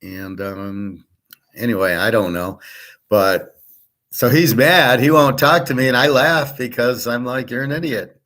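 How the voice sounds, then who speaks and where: A man's voice: mid-range voice, unhurried, fairly bright tone. A man hosting a show in a casual, rambling monologue, blunt and profane, often restarting his sentences. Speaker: show host.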